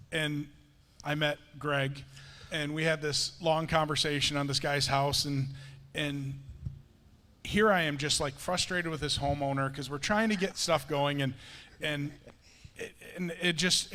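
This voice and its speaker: A man leads a conversational sermon and tells his stories in an animated way, stumbling and restarting as he goes. His voice sits a little higher than most men's. The hall around him carries a long, ringing reverb. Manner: animated storytelling, many restarts. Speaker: pastor. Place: church sanctuary.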